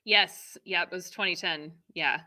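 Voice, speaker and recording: Bright-voiced chatty woman in her thirties. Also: on the low side, a little slow. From Texas, USA. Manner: chatty, laughs often, many fillers. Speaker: theater director, guest. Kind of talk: casual interview chat.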